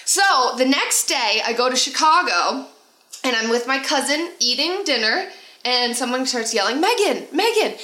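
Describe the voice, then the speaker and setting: A woman co-hosting a casual podcast chat. She tells her stories with energy and acts out the voices of the people in them. Her voice is bright and a little high, and it echoes in the room. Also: moderate pace. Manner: animated storyteller acting out quotes. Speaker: podcast co-host.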